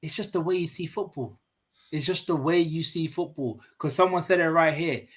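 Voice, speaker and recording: Husky-voiced man, insistent football debater, speaking over a video call. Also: on the high side, moderate pace. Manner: argumentative, repeats himself when making a point. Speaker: host. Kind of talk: casual football chat.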